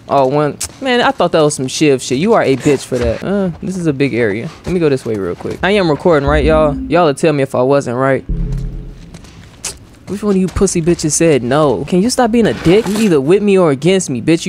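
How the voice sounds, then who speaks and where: A man's voice: a little high, darkish tone, a little hiss or hum. Profane young man commentating gameplay. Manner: profane joking banter with viewers. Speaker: gaming streamer. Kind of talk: let's play commentary.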